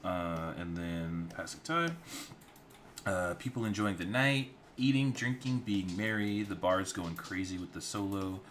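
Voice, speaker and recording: A man's voice: low-pitched, a little slow, fairly bright tone, slight background noise. A man streaming his storyboard work, narrating in a casual, rambling way with some swearing.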